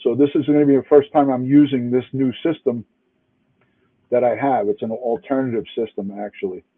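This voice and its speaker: A retired police detective from New York City, speaking fairly quickly in a steady, slightly rough medium-pitched voice, comments to a live chat. He's angry and emphatic, cursing and restarting, heard over a tinny, phone-like line.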